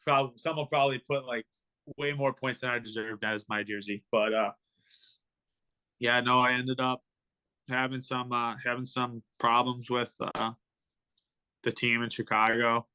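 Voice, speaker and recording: A young professional hockey player in his twenties rambles through stories in a casual podcast interview, full of ums and likes. His mid-range voice stays fairly flat in pitch, at a measured pace with long pauses, sounding pushed, bright and clean.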